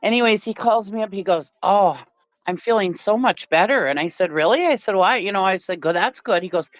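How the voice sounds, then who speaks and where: A woman's voice: mid-range voice, animated, a little fast, dry recording, highs cut off. A woman hosting a casual livestream chat, telling rambling family stories and laughing often. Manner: chatty storyteller, laughs often. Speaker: host.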